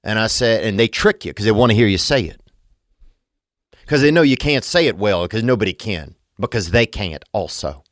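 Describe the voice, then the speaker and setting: A man's voice: on the low side, lively intonation, normal speed, fairly bright tone, no room sound, clean studio sound. A man hosting a podcast, rambling through a comedic monologue full of absurd wordplay and meandering asides. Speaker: podcast host.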